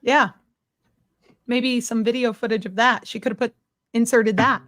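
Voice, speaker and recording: A woman with a high voice co-hosts a live commentary chat. Her delivery is emphatic and sarcastic, and it comes through close and dry. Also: fairly even intonation, normal speed, a bit bright, dry recording. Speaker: co-host and fellow content creator.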